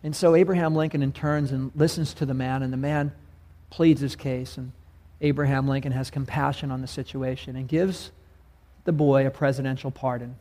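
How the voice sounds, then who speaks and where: A man's voice: medium pitch, fairly even intonation, normal speed, mellow. A male preacher delivering a sermon in a conversational, emphatic way, often asking his listeners questions.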